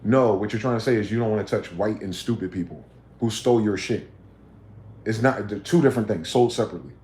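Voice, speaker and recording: A man's voice: on the low side, darkish tone, echoey room, a little hiss or hum. A man, hosting a livestream and ranting profanely, firing off combative rhetorical questions. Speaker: livestream host.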